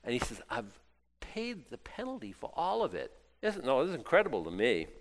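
Lively, animated male pastor preaching. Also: a little fast. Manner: animated, swinging from low asides to loud exclaims; folksy, jokey Bible teaching. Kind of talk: sermon.

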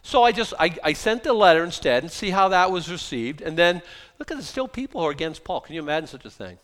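Reading scripture at a slow pace before loosely restating it, a middle-aged male pastor gives a lively, conversational sermon. His voice is on the high side, and he erupts now and then into sudden loudness.

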